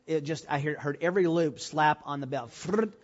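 A man preaching a sermon, telling a personal story and rising to loud, emphatic preaching. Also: fairly high pitch, steady tone, fairly quick, dull audio. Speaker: pastor.

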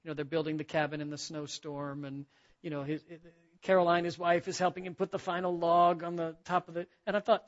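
In a dull lo-fi recording, a middle-aged man delivers a church sermon to men, poking fun at himself through humorous stories punctuated by frequent laughs. His high voice is brisk and level in tone.

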